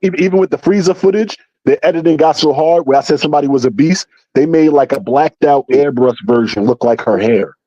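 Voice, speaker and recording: A man calling into a live stream, chatting excitedly in slang and repeating himself as he makes his points. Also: a little high, fairly quick, few pauses, dry recording, dull audio. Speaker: guest caller on a live stream. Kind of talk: casual chat.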